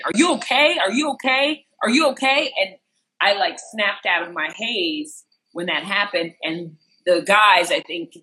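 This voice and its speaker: An entertainment interviewer from rural Missouri telling a personal story in a lively way, acting out what others said with sudden jumps in pitch. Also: poor audio. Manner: animated, acts out quotes with sharp jumps in pitch.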